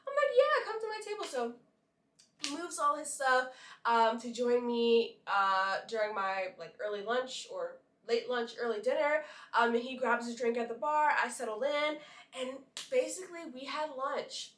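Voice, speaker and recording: A woman's voice: fairly high pitch, a little slow, a bit bright, slight background noise. A young woman from Brooklyn, chatting to camera as a vlogger and telling a story full of likes and asides. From Brooklyn, New York. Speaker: model and vlogger. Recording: echoey room, a bit far from the mic.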